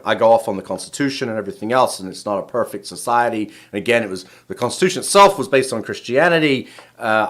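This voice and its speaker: A middle-aged man, a rabbi from England, giving a casual spoken lesson in a rambling way, full of restarts and tag questions. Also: mid-range voice. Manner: rambling, many restarts, keeps asking "right?". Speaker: rabbi and show host.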